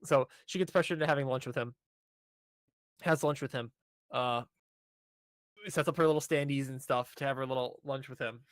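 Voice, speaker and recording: A man's voice: medium pitch, fairly even intonation, moderate pace, pauses often, dry recording. A man co-hosting a podcast, giving a rambling, casual recap full of fillers and restarts. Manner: rambling, filler-heavy storytelling. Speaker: podcast co-host.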